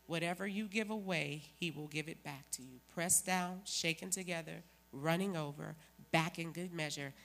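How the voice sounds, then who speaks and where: A woman's voice: deep voice, fairly even intonation, normal speed, gravelly, hardly any pauses, a bit bright. A woman giving an emphatic, preachy church testimony as a guest.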